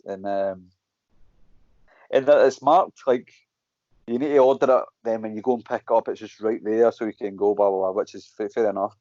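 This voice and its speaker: A man's voice: fairly low pitch, normal speed, dry recording. Scottish man, casual storytelling, sweary, dry close sound, muffled lo-fi call audio. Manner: animated storytelling, frequent swearing, acts out quotes. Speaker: guest, MMA fighter. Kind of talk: casual chat.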